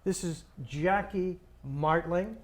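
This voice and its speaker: A man's voice: high voice, takes it slowly. A man hosting a comedy podcast, introducing guests in a casual, easygoing way with fillers. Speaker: podcast host. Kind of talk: casual chat.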